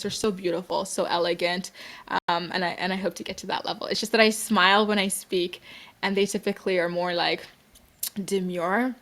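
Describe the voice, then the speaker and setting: A young woman from Canada hosting a casual livestream, chatting upbeat with viewers and peppering her talk with "like" and "girl". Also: on the low side. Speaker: livestream host. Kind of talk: casual chat reading viewer comments.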